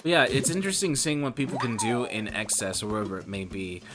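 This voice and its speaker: A man's voice: medium pitch, quick pace, noisy background. A man streaming and chatting casually, rambling and cursing and calling the listener brother.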